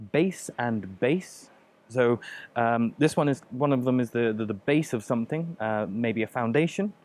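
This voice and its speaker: A man teaching a pronunciation lesson, explaining patiently with examples and frequent fillers. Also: medium pitch. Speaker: English teacher.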